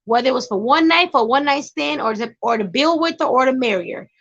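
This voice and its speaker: A woman's voice: high voice, expressive, brisk, fairly bright tone, dull audio. A woman giving casual, emphatic commentary as a vlogger, now and then turning to talk to her partner off-camera.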